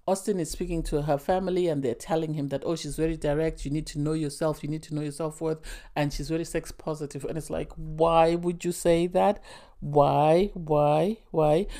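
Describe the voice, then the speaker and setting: A woman giving a casual, chatty review of a reality TV episode, opinionated and fond of repeating phrases for emphasis. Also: on the low side.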